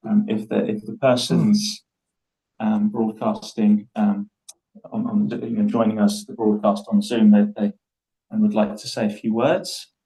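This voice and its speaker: Animated man leading a speaking workshop. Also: on the low side, a little slow, low-quality recording. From Scotland. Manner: animated, acts out voices in anecdotes. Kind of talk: live public speaking workshop.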